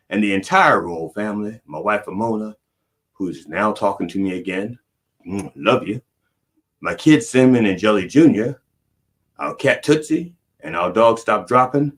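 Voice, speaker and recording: A man's voice: lowish voice, lively intonation, normal speed, pauses often, fairly bright tone. A middle-aged man delivering a rambling, profane mock sermon as a comedic preacher host.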